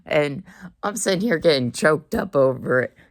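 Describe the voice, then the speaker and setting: A woman's voice: low voice, expressive, moderate pace, dry recording, studio quality. A young woman in a dorm room talking casually into the camera, rambling in a slangy, blunt way. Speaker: vlogger. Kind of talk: casual monologue.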